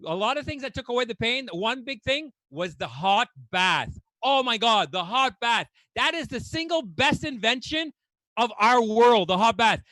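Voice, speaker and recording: A man's voice: extremely high pitch, animated, moderate pace, pushed and bright, dry recording. A man doing a stand-up comedy set on a club stage, ranting in exasperation and swearing casually.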